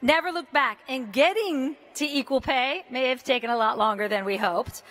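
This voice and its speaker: Speaking at a normal speed in a voice that sits high, this woman in her fifties from the US gives a graduation speech in a big indoor arena. She keeps it lively, relaxed and jokey, and lets some mild profanity slip.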